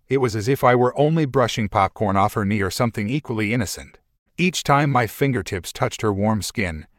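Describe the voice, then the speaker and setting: Male narrator, lower voice, wry conversational read, dry close-mic sound. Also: dry recording. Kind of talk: first-person story narration.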